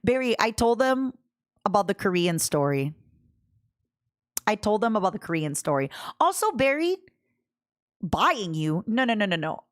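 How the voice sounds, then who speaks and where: A woman's voice: medium pitch, sing-song, normal speed, a bit bright. Young female streamer, bubbly, chatty, talks straight to her viewers. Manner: bubbly, talks to chat, jumps from topic to topic. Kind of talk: casual livestream chat.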